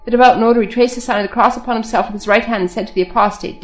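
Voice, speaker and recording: Brief: woman narrator, slightly high voice, brisk steady reading of a saint's life. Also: soft background music, low-quality recording.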